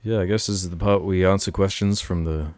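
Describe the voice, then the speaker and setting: Man, podcast host, very low voice, dry playful humor, close mic. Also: fairly even intonation, brisk, darkish tone, dry recording, soft background music. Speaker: podcast host reading listener questions. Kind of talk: casual chat.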